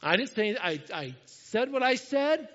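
A pastor telling a story in a sermon, animated and self-mocking, acting out what people said. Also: male voice, very high voice, measured pace, long reverb tail, highs cut off.

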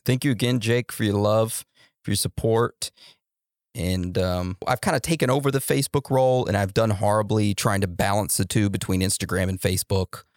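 A man's voice: fairly low pitch, normal speed, dry recording, studio quality. A man hosting a podcast in a laid-back, rambling way, laughing easily between thoughts. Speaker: podcast host. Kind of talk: casual podcast chat.

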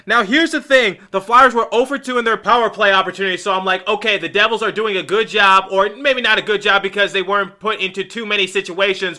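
A man's voice: high-pitched, bright, forceful tone. A man hosting a solo hockey podcast, ranting in exasperation and lecturing the team directly. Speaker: sports podcast host. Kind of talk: solo hockey commentary rant.

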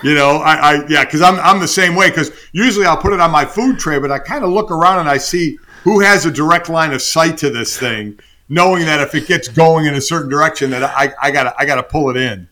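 An older man chatting on a podcast, his voice bright and forceful. He tells stories with animation, often breaking into laughter. The tone is pitched a little high for a man. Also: a little fast. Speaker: guest. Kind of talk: casual podcast chat.

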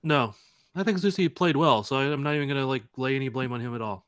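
A man's voice: medium pitch, fast, fairly bright tone, clean tone, dry recording. Plain-spoken Midwestern man, dry sound. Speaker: podcast co-host, team photographer. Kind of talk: casual sports chat.

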